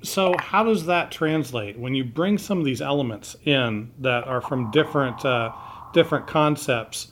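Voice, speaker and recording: A man interviewing performers, asking questions in a halting way with restarts. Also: medium pitch, a bit bright, a little hiss or hum.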